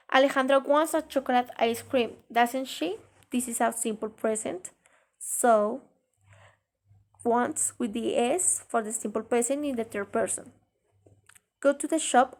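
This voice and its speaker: Lady with a high voice teaching grammar, stops and restarts a lot, reads out examples. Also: darkish tone. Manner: halting, pausing mid-sentence, reads example sentences aloud. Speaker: English teacher. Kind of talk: grammar lesson explaining tag questions.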